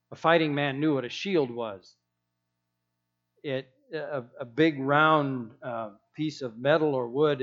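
A man's voice: medium pitch, muffled recording. A man preaching a sermon in a conversational way, with rhetorical questions and restarts.

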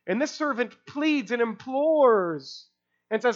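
Preacher, expository sermon, rhetorical questions, casual fillers, mid-pitched voice, dull lo-fi recording. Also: lively intonation, slow pace.

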